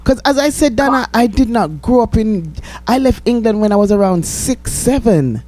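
Easygoing Jamaican woman with lively pitch. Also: moderate pace. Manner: laughs often, easygoing and lively. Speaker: guest. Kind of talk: casual chat.

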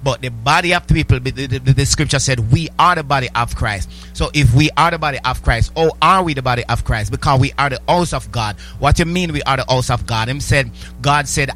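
Male preacher, mid-pitched voice, stumbles and repeats words, asks his congregation questions. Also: brisk, a bit bright, soft background music. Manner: repetitive stammering restarts, rhetorical questions to the congregation. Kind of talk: sermon.

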